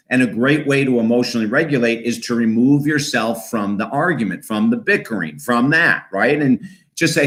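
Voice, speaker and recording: Middle-aged male counselor, mid-pitched, earnest and coaching, steady advice talk. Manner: earnest, coaching, repeats key points with rhetorical "right?". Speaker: counselor and self-help host. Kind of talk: direct-to-camera advice talk.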